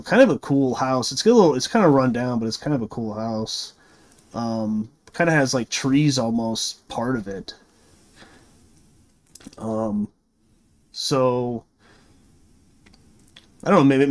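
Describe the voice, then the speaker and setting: A man reviewing a movie, retelling the plot in a rambling, casual way full of fillers and restarts. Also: mid-range voice.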